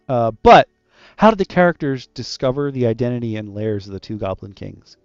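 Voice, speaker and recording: A man chatting casually about running tabletop adventures, animated and loose, with lots of "like" in his talk. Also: mid-range voice, no room sound, muffled recording. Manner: animated and loose, heavy use of "like". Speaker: dungeon master discussing adventure design. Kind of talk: casual roundtable chat.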